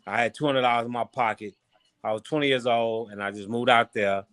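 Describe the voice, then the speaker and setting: A man from Chicago, a former boxer, guesting on a podcast and telling stories from his life in a loose, animated, slangy way with plenty of swearing. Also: mid-range voice, a little fast, clean tone, no room sound. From Chicago, USA. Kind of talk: casual storytelling interview.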